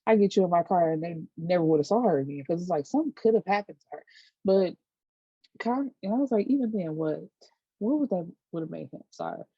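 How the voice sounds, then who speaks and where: A woman vlogger casually recapping a TV episode, chatty and animated, acting out quotes and dropping side comments. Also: fairly low pitch, brisk, husky, no room sound, lo-fi sound. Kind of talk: casual chat.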